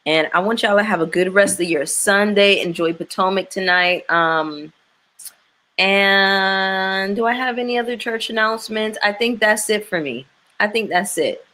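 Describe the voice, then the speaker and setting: A woman hosting a casual livestream, talking candidly to her viewers in a tired, emotional way and slipping into slang. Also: unhurried. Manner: gets loud and high-pitched when ranting. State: exhausted and emotional. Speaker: YouTube livestream host.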